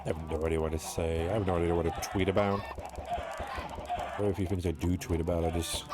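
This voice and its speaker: Young British streamer, low voice, rambling and self-mocking chat, a bit sweary. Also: male voice, flat delivery, fairly quick, very noisy. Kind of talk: casual streaming chat while playing.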